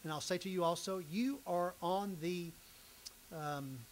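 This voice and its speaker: A man's voice: sits high, measured pace, slight background noise, low-quality recording. An older man teaching a Bible class in a folksy, conversational way. He reads scripture, repeats phrases for emphasis and jokes with his students.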